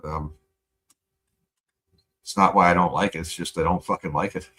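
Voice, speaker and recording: Low-pitched male streamer, loose and profane, rambling rants with chuckles. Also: steady tone, moderate pace, fairly bright tone. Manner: profane, rambling, laughs often. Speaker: livestream host. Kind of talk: casual rant.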